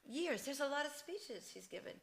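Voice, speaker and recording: A woman's voice: sits high, sing-song, normal speed, gravelly, slight background noise. A woman telling a story about her father at his funeral, quoting family members along the way. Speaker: family member giving a eulogy. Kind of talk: funeral eulogy.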